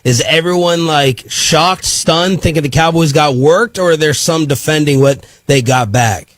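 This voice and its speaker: Pria pembawa acara radio yang bertanya pelan. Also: male voice, on the high side, unhurried, fairly bright tone, no room sound. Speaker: radio sports host. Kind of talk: casual radio interview.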